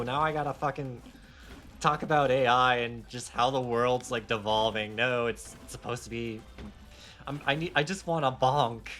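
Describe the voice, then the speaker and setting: A man's voice: medium pitch, moderate pace, a bit bright. A young man streaming a game live, talking casually in a heated, rambling rant with swearing and self-mocking asides. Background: faint game music.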